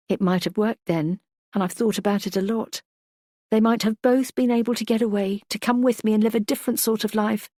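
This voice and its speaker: Lady reading a thriller audiobook, calm and reflective, super dry close mic. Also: mid-range voice, no room sound. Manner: measured, reflective storytelling. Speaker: audiobook narrator. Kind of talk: first-person audiobook narration.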